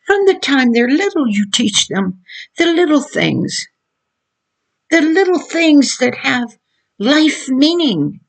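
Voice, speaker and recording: A woman's voice: high-pitched, very animated, takes it slowly, creaky. An older woman giving earnest, preachy Christian advice on raising children, repeating her points as she goes. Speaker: mother giving parenting advice. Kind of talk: informal Christian teaching monologue.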